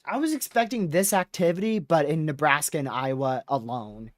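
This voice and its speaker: A young man hosting a live weather stream, chatting casually and excitably about storms. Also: a little high, normal speed, no room sound, studio quality. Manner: excitable, laughs often, says dude and freaking. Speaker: livestream weather host. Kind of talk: casual chat while covering storms live.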